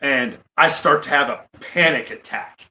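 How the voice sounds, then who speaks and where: A man in his forties from Iowa, a pro wrestler, telling stories as a podcast guest in an animated way. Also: medium pitch, roomy sound, low-quality recording. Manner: animated, quick to laugh. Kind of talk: casual storytelling. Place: studio.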